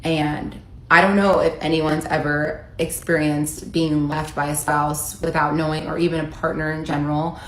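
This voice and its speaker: A woman in her thirties from the United States earnestly recounting a personal story in a vlog. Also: deep voice. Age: 30s. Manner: earnest, emotional retelling, reading out texts. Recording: echoey room with faint ambient noise.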